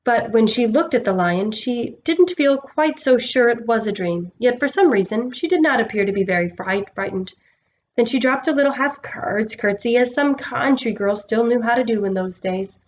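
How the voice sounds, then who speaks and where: A woman's voice: on the high side, expressive, moderate pace, muffled recording, slight background noise. A woman reading a novel chapter aloud to her students, then chatting casually about questions. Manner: warm, conversational, with fillers. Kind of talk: read-aloud storytelling.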